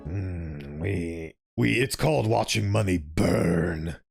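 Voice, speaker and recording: A young man streaming as a VTuber, giving animated, casual game commentary and swearing freely. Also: sits low, slow, creaky, husky, soft background music.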